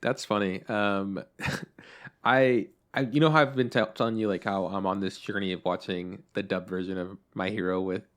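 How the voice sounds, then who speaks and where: A man's voice: deep voice, fairly even intonation, moderate pace, a bit bright. A man co-hosting an anime podcast in casual chat, rambling with lots of fillers and swearing. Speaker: podcast co-host.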